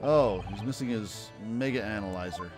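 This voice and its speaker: A man streaming a game, giving casual, wry commentary with quick asides. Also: fairly low pitch, music in the background. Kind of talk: casual let's-play commentary.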